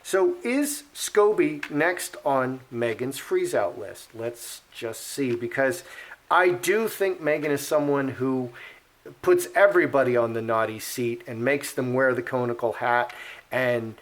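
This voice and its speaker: A man talking through a card reading in a loose, casual way, often pausing on fillers and starting over. His voice sits at an ordinary middle pitch for a man. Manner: rambling, with frequent fillers and restarts. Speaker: card reader.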